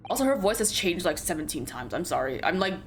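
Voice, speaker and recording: A woman's voice: fairly low pitch, sing-song, fast talker, noisy background. A woman streamer giving casual, joking gameplay commentary with profane asides. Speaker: let's play streamer. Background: game music.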